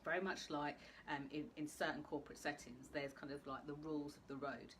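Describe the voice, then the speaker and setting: A woman with a notably low voice hosts a live video talk. She is chatty and speaks straight to her viewers, with faint noise in the background. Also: steady tone, fairly quick, a bit bright. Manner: chatty, addresses viewers directly. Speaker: host.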